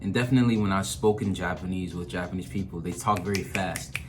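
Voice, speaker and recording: Deep-voiced man giving casual commentary. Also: quick pace, background noise. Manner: chatty, opinionated, laughs at own jokes. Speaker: reaction video host.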